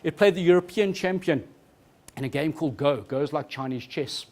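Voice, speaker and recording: A man giving a fast, joking live keynote talk as a futurist, quizzing the audience from a conference stage. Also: a little high, a little mellow.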